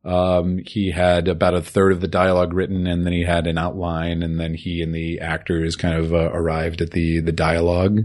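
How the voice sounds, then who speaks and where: A man co-hosting a podcast, calmly summarizing and explaining an old film in casual talk. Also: sits low, normal speed, few pauses. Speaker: podcast co-host.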